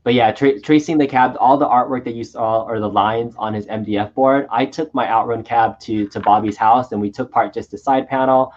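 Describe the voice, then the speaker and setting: A man's voice: medium pitch, steady tone, fairly quick, few pauses, a little mellow, lo-fi sound. A man hosting a live modding stream, giving casual, rambling play-by-play commentary with many fillers. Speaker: stream host and moderator.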